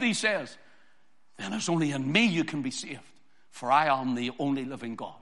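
A man's voice: mid-range voice, moderate pace, fairly bright tone. A man preaching a sermon in an emphatic, repetitive cadence, building lists of phrases. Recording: long hall reverb.

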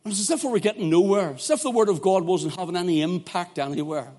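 A man with a Northern Irish accent preaching a sermon, dropping from hushed storytelling to loud, fervent shouting. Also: sits high, quick pace.

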